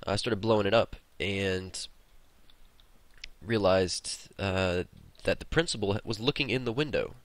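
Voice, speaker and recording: A man's voice: fairly low pitch, measured pace, no echo. A man hosting a gaming video, telling a long story in a casual, rambling way while he plays, swearing freely. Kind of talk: casual storytelling over gameplay.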